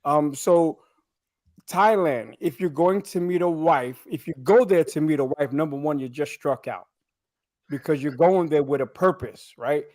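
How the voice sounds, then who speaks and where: A man with a slightly high voice tells blunt stories on a casual podcast panel. His sound is dry and close to the mic, with no room around it. He keeps checking in with his listeners as he talks. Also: unhurried, a little mellow, no echo. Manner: blunt storytelling, frequent "you know what I'm saying".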